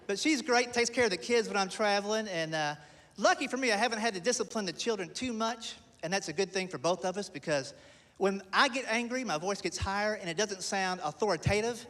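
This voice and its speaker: High-voiced self-deprecating stand-up man. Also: fairly quick. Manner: self-deprecating, animated storytelling. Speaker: stand-up comedian. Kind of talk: stand-up comedy. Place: theater stage with a live audience. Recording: long hall reverb, faint noise.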